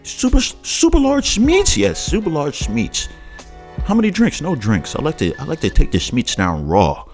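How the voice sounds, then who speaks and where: A man's voice: medium pitch, huge pitch swings, normal speed, soft background music. A man hosting a reaction video, talking in a mocking, sing-song way with stammering restarts. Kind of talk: casual mocking commentary.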